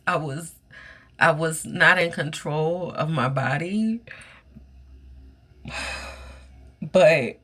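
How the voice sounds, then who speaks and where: A woman hosting a podcast, recounting a personal experience in an earnest, emotional monologue with a soft voice. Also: low voice. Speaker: podcast host.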